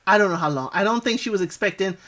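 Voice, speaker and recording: Quick-paced and a bit bright, a woman with a medium-pitched voice delivers a chatty spoken recap of a reality show. She's sassy, responds to the people on screen, and piles on the asides.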